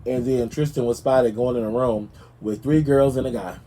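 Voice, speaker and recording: A man's voice: mid-range voice, normal speed, poor audio. Sassy man dishing celebrity gossip. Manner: sassy, animated, talks straight to the people he discusses. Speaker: gossip show host. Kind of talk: casual celebrity gossip commentary.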